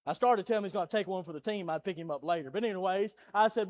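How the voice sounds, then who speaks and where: In a church sanctuary, a young adult pastor with a Southern American accent preaches from the pulpit, swinging between quiet storytelling and loud, pleading preaching. His voice sits high and he talks at a racing pace.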